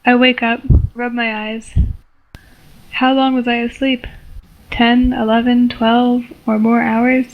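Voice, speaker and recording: Young woman, story reader, high pitch, flat monotone, stumbling delivery. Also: takes it slowly, long pauses, phone-quality sound. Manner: flat, stumbling reading with giggles. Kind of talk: reading a homemade story aloud.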